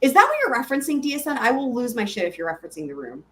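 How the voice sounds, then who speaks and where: A woman's voice: on the high side, huge pitch swings, racing. A woman hosting a live stream, chatting casually and giggling as she answers her viewers.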